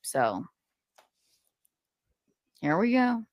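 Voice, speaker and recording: A woman's voice: mid-range voice, sing-song, very slow, darkish tone, dry recording, studio quality. A woman in a heated casual rant, rambling and profane, recounting a feud.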